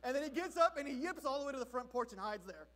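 A man from Southern California preaching a sermon as pastor, telling a story in an animated, comic way. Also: very high voice, fast talker.

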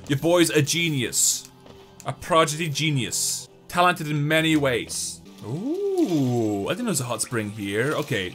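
A young man giving excitable, joking let's-play commentary while he talks to the game. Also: a little high. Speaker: gaming YouTuber.

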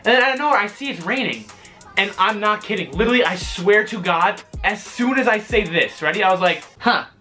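A young man, excitedly telling a story on his vlog, swearing and exaggerating. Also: sits high, a little fast, soft background music. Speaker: vlogger.

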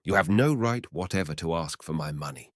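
A man voicing a tearful, frightened forester who speaks hoarsely and pleads. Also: low voice, animated, brisk, no echo, studio quality. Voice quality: hoarse, squealing. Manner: pleading and pious.

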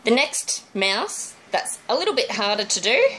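A woman's voice: fairly high pitch, very animated, normal speed, sharp tone, a little hiss or hum, low-quality recording. A middle-aged woman, chatting through a balloon twisting demonstration step by step. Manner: chatty, friendly step-by-step instructions. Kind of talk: casual demonstration tutorial.

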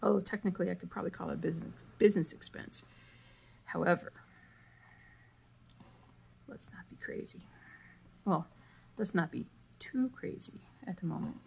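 A woman's voice: on the low side, a little fast, vocal fry, a little mellow, slightly rough. A woman vlogging casually as she cross stitches, rambling and thinking aloud, humming and muttering to herself. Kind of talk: casual chat while stitching.

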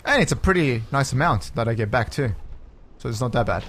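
A young man narrating his own video game play, swearing often and swinging between calm remarks and frustrated yells. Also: mid-range voice, a little fast. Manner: swears a lot. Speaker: gaming YouTuber. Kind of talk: Let's Play commentary.

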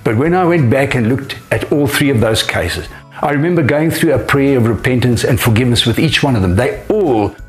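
A man's voice: medium pitch, expressive, fairly quick, faint music behind. An older man preaching a sermon as pastor, lifting his voice on key phrases. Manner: emphatic, rising on key phrases.

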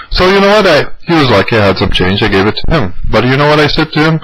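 A man's voice: a little high, animated, quick pace, hardly any pauses, fairly bright tone. A man hosting a mock news commentary, joking and mock-solemn, laughing often. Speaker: comedy host. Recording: noisy home recording.

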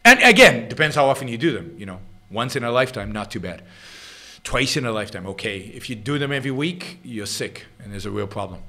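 His voice mid-range, bright and forceful, a middle-aged host with an Israeli accent talks fairly quickly and very animatedly. He responds to listener questions on his show with unscripted, emphatic remarks, repeating and restarting often.

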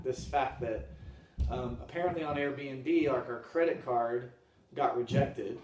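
Guy rambling thru a story, laughs a lot, mic kinda far, roomy echo. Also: mid-range voice. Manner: rambling, laughs often, softens to a murmur for calm moments. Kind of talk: casual storytelling. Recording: roomy, from a distance.

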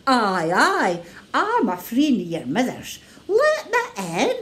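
A woman's voice: a little high, wildly swooping pitch, slow pace, a bit bright, full character voice. A woman with a Scottish accent voicing a sly, menacing male wolf in a children's story. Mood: coaxing. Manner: coaxing then blustering threats.

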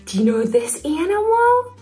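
A young woman hosting a toddler video, talking slowly in a bouncy, playful sing-song with toy sound effects. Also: very high-pitched, big pitch swings, warm tone, faint music behind.

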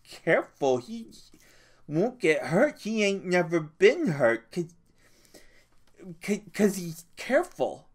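A man's voice: sits high, very animated, slow pace, pauses often, voice pushed up, exaggerated voice. A man voicing a simple-minded, childlike giant farmhand who stammers and pleads. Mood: insistent.

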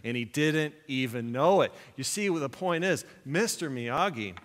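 A pastor preaching with animated storytelling, acting out quoted lines as he goes. His voice sits a little high for a man, and it rings with the long reverb of a church sanctuary. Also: measured pace. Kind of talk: sermon.

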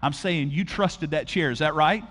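A man's voice: a little high, normal speed, a bit bright. A man preaching a conversational sermon to a church audience, asking them questions directly. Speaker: pastor. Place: large church auditorium. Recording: long hall reverb.

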